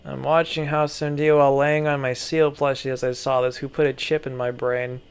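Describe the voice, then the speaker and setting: A vlogger reacting to memes in casual commentary, tired and talking with low-energy, flat mumbling delivery. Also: moderate pace, smooth.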